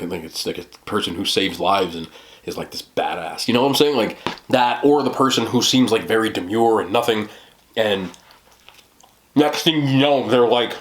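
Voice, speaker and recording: A man's voice: lowish voice, fairly bright tone, low-quality recording. Rambling casual man chatting to camera. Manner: rambling, lots of "like", mocking asides. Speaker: mukbang host.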